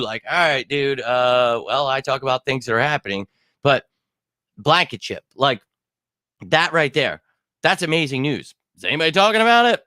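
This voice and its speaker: Fired-up bright-voiced sports fan host. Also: male voice, medium pitch, lively intonation, a little fast, no echo, clean studio sound. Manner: heated, swearing, rambling, shouts out commenters. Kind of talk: live fan Q&A stream.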